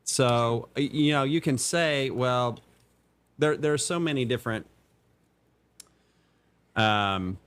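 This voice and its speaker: A man's voice: medium pitch, slow, pauses often, fairly bright tone, clean tone. Earnest man musing on parenting. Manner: earnest, explains with repeated "right?". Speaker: podcast co-host. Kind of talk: casual reflective chat.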